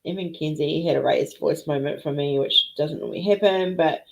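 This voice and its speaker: A woman's voice: low-pitched, normal speed, vocal fry, hardly any pauses. A woman hosting a casual live chat with viewers, emotional and teary, greeting people by name. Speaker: livestream host. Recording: dull lo-fi stream audio.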